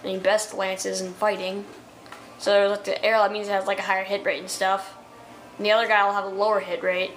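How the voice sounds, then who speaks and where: A woman's voice: mid-range voice, little pitch movement, fairly quick, fairly bright tone, a little hiss or hum. A young woman giving casual let's-play commentary, reading game text aloud with chatty asides and fillers.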